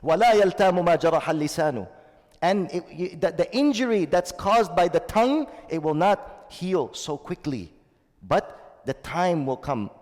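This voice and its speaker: A man's voice: high-pitched, animated, measured pace, darkish tone, big-room sound. A man delivering a sermon as a shaykh, earnest and repeating his key phrases, with stretches of Arabic recitation. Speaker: shaykh giving a Ramadan talk.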